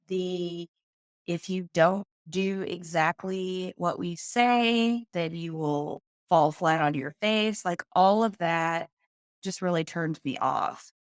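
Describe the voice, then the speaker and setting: Podcast guest, woman, lower voice, candid and earnest storyteller, dry close sound. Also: clean tone, no room sound. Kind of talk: personal storytelling.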